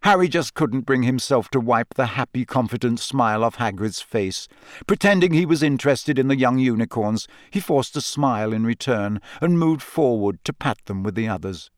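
A man reading an audiobook in a measured, expressive narration. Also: mid-range voice, dry recording, clean studio sound. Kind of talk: scripted narration.

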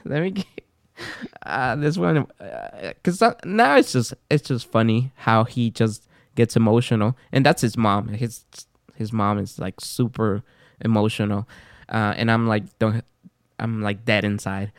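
A male podcast host tells stories in casual chat, animated and laughing often. His voice is lowish and a little slow, recorded in clean studio sound with no echo.

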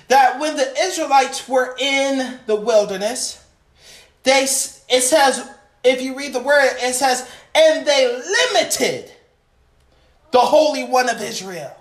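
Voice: high voice, fairly bright tone, reverberant. A preacher delivering an impassioned sermon, calling out to the congregation.

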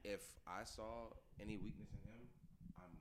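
A man with a lowish voice hosts a loose podcast conversation. He rambles in slang, jumping from thought to thought in quick bursts. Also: fairly even intonation, crowd noise. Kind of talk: casual chat.

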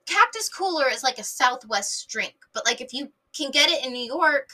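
A woman's voice: sits high, normal speed. A woman from San Diego in her thirties, hosting a podcast in a rambling casual monologue, full of fillers, swearing and sudden tangents. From San Diego, Southern California. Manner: animated, filler-heavy, swears freely, jumps between tangents. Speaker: podcast host.

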